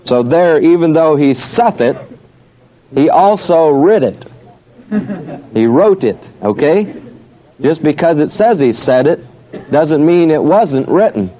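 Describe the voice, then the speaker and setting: Slow-talking guy teaching bible verses, mellow low-key voice, asks and answers himself. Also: animated, rough recording. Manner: reads scripture aloud in drawn-out cadence. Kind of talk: Bible study lecture.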